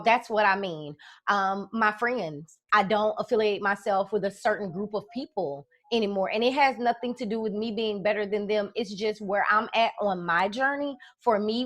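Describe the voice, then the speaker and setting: A woman's voice: medium pitch, a bit bright. A middle-aged woman life coach talking casually to her followers, emphatic and folksy, repeating her phrases and calling her viewers y'all and baby. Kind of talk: casual motivational talk to followers.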